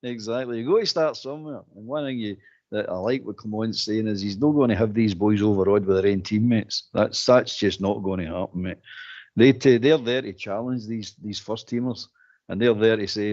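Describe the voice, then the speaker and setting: A man's voice: on the low side, fairly quick. Scottish man talking football, lo-fi. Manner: animated, repeats words, frequent "mate". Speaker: football phone-in co-host. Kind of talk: casual football chat. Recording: dull lo-fi phone-in audio.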